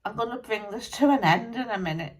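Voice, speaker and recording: Soft-spoken psychic woman. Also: on the high side, fast talker, recorded from a distance. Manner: soft, quiet, matter-of-fact. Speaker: psychic medium. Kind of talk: channelling session.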